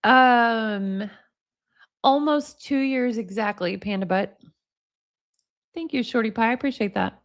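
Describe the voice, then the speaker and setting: A woman's voice: a little high, takes it slowly, long pauses. A woman in her forties doing casual livestream commentary, reading comments and texts aloud with frequent laughs and chatty asides. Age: 40s. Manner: reads chat comments and text messages aloud, laughs often, chatty asides.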